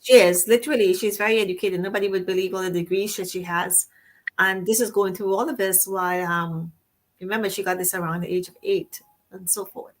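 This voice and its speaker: A woman's voice: medium pitch, steady tone, brisk. A woman co-hosting a casual talk show, speaking effusively and rambling, with frequent restarts and rephrasings. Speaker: co-host.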